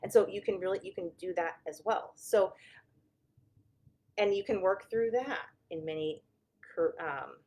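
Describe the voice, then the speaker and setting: A woman's voice: mid-range voice, a little slow, pauses often, darkish tone. A woman therapist explaining to viewers in a casual, candid, conversational way, often correcting herself mid-sentence.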